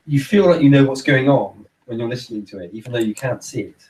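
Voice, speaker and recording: A man's voice: medium pitch, fast talker, darkish tone. Man rambling on a roomy podcast. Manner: rambling, repeats words while thinking. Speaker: podcast co-host. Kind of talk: casual podcast chat. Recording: roomy echo, far from mic.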